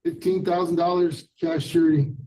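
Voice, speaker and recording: Firm, high-voiced male judge. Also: steady tone, moderate pace, warm tone, rough recording. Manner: firm, instructive warnings. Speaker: magistrate judge. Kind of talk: courtroom hearing. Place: courtroom.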